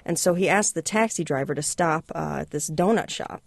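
A relaxed speaker retelling a novel and then reading from it, with plenty of hesitations along the way. The voice has a middling pitch. It is recorded close and dry, with no room sound. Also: a little fast, gravelly, no echo. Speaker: guest discussing a book. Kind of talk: casual book summary and reading.

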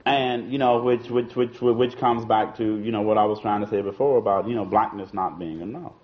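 A man's voice: fairly low pitch, steady tone, a little fast. A man giving an informal political talk to an audience, talking in a loose conversational way, repeating words and saying "you know" and "see" often. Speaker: speaker addressing an audience. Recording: dull lo-fi archival recording.

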